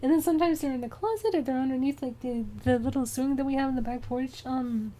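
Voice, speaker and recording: A woman's voice: high-pitched, fast talker, warm tone. A young woman streaming, chatting casually and rambling with lots of fillers. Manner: rambling, many fillers, frequent laughs.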